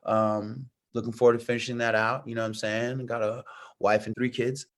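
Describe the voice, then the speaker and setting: A middle-aged man telling a personal story in casual chat, animated and slangy, acting out what others said. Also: mid-range voice, brisk. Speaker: podcast guest.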